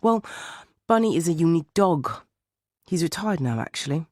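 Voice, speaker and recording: A man's voice: a little high, sing-song, normal speed, darkish tone, dry recording, clean studio sound, pitched above the performer's own voice. A man voicing a middle-aged male dog handler with a Northern English accent, a defensive witness who hesitates. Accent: Northern English, Leeds.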